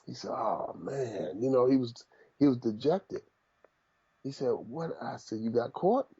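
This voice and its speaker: A man's voice: mid-range voice, measured pace, slightly rough, dull audio. A man, a boxing trainer, talking casually in an interview and telling stories from the gym, often repeating his phrases. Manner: animated storyteller, repeats phrases.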